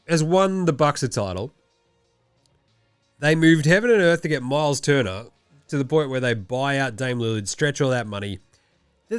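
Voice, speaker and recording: A man hosting a casual, sweary sports commentary show, full of sarcastic, animated rants. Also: a little high, no room sound. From Australia. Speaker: podcast host.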